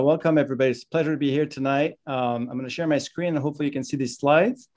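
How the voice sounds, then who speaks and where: A middle-aged man with a French accent, presenting a medical lecture over slides from his office in a relaxed, self-deprecating way. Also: medium pitch, very fast. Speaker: webinar presenter, professor of medicine.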